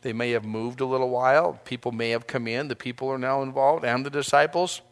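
A man's voice: medium pitch, steady tone, brisk, clean tone. A male pastor giving a sermon, speaking earnestly in a conversational way and often restarting his phrases.

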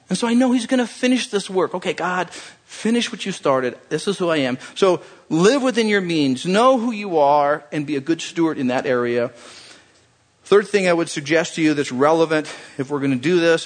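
A male pastor delivering a sermon with an animated, conversational manner. His voice sits a little high for a man and swings widely in pitch as he joshes with the congregation.

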